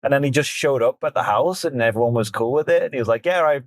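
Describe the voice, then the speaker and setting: A man's voice: medium pitch, expressive, quick pace, no room sound, studio quality. A middle-aged man co-hosting a podcast, chatting casually, rambling and trailing off with frequent laughs. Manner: rambling, laughs often, trails off mid-sentence. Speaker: podcast co-host. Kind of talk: casual chat.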